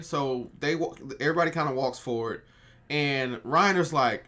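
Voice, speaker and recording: A man casually recapping anime episodes in a rambling, animated way, laughing often. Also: medium pitch, normal speed. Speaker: anime reviewer.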